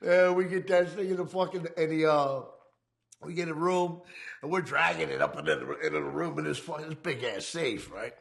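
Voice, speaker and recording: A man's voice: fairly high pitch, normal speed, creaky, fairly bright tone. A man casually telling a rambling, profane story about his criminal past, laughing now and then.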